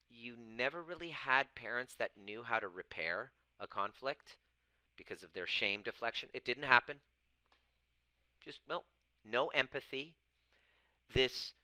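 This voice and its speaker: Man, coach, blunt, swears freely, acts out quotes, bright forceful voice, very dry sound. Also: mid-range voice, dry recording, rough recording. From Persian background. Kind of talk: casual talk to camera.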